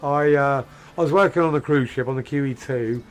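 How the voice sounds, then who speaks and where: A man's voice: medium pitch, a little fast, soft background music. An English man streaming a game, chatting with a friend and telling stories about his old job. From England. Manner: chatty, storytelling. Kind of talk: casual gaming chat.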